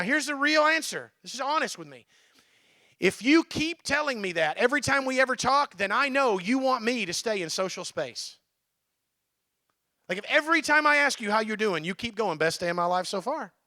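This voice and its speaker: A man's voice: sits high, animated, fairly quick, sharp tone, no room sound, clean studio sound. A male pastor giving a conversational sermon in church, often checking in with his listeners.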